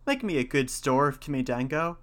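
A man's voice: medium pitch, expressive, brisk, a bit bright, close to an everyday voice. A man voicing a bold, cheerful young hero in a storybook reading, eager and commanding.

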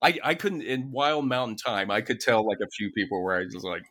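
A man's voice: mid-range voice, animated, brisk, a bit bright, slight background noise. An American man co-hosting a podcast in casual chat, chuckling often as he explains things. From United States. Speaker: podcast co-host.

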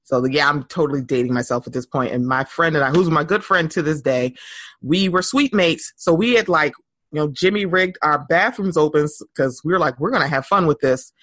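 A woman in her thirties hosting a podcast, chatting casually in an animated, sing-song way and laughing often. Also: low voice, fairly quick, dry recording. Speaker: podcast host. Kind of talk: casual chat.

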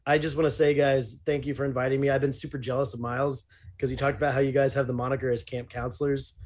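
A man's voice: mid-range voice, level tone, quick pace, a little mellow. Joking male podcast guest. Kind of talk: casual podcast chat.

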